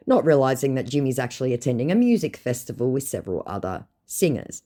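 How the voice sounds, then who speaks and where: A woman's voice: rumbling low, animated, fast talker, few pauses, warm tone. An Australian woman narrating her scam-baiting chats in a dry, sarcastic storytelling tone.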